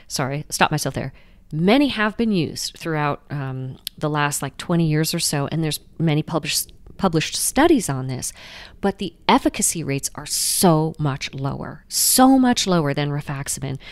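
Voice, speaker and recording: Woman doctor, low smooth voice, chatty explainer w lots of restarts. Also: dry recording. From United States. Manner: lively, explanatory, frequent restarts and "you know". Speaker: guest doctor. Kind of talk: conversational interview answers.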